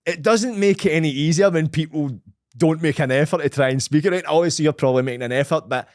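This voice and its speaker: A Glaswegian man in his thirties who talks as a podcast guest, rolling his R's and spinning rambling, jokey stories. His voice sits a touch high for a man. The sound is dry and close, with no room around it. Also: quick pace, dry recording. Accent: Glaswegian Scottish. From Scotland. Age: 30s. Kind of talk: casual chat.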